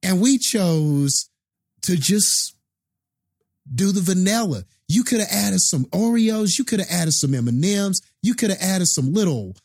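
Slow, husky man ranting. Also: sits high, lively intonation, darkish tone, no room sound, studio quality. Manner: passionate, ranting about wasted potential. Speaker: movie discussion co-host. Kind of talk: casual chat.

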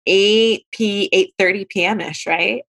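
Young woman hosting a podcast, middle pitch, lively storytelling, lots of laughing. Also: takes it slowly, vocal fry. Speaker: podcast host. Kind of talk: casual chat.

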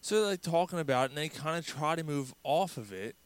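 A man telling a story in casual conversation, halting and repeating words as he goes. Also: a little high, lively intonation, smooth.

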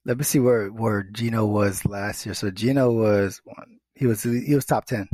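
A man co-hosting a sports podcast in casual chat, animated and slangy, swearing casually. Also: lowish voice, normal speed, no echo. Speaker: podcast co-host.

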